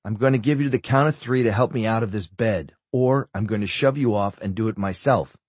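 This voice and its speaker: A man's voice: lowish voice, fairly quick, darkish tone, dry recording, close to an everyday voice. A man voicing a stubborn, sarcastic injured man pushing to get out of bed, in an audiobook. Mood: impatient. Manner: insistent, sarcastic. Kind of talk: audiobook character voice.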